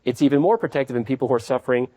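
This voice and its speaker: A man lecturing as a psychiatrist at a conference, rattling along at a brisk clip. His voice is mellow and dark. His delivery is conversational, and he acts out examples as he explains. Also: mid-range voice. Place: conference at a hotel.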